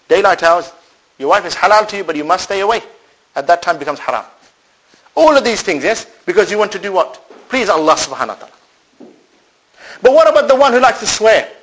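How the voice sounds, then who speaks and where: A man's voice: high-pitched, low-quality recording. A man preaching a sermon to a live audience, asking rhetorical questions and answering them himself, with Arabic religious phrases woven in. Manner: animated, swings between loud and soft. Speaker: Islamic preacher.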